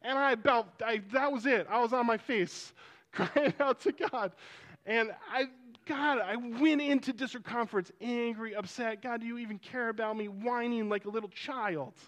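A man, a pastor, telling a story in a sermon, animated and rising toward near shouting at its emotional peaks. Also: very high voice, moderate pace.

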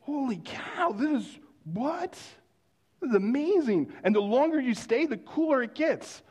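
A male pastor preaching a sermon in a conversational storytelling way, dropping to hushed exclamations of wonder. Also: extremely high pitch, sing-song, unhurried, breathy edge.

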